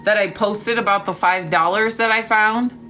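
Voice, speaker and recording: A woman's voice: mid-range voice, fairly even intonation, normal speed, sharp tone, faint music behind. A woman chatting live with her viewers, gushing and calling them honey and darling while talking about gratitude and trust. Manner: spiritual talk of gratitude and trust. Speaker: TikTok live streamer. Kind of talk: casual live-stream chat with viewers.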